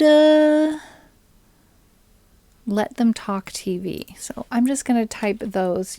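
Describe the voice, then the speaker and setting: A woman chatting with her stream viewers between songs, talking in an unhurried, easygoing way. Her voice is soft and often fades toward a whisper as she recommends things. The sound is dry and close, with no room around it. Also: medium pitch, no echo. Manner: soft-spoken, often trailing into a near whisper. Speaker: streamer and ukulele singer. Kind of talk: casual chat between songs.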